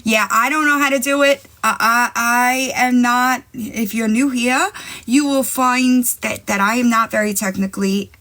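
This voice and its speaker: A woman's voice: fairly high pitch, steady tone, a little slow, sharp tone. A woman hosting a live stream in casual chat, brash and profane, taunting her rivals and rambling to her chat on a phone mic. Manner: rambling, talks straight to chat. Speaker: livestream host.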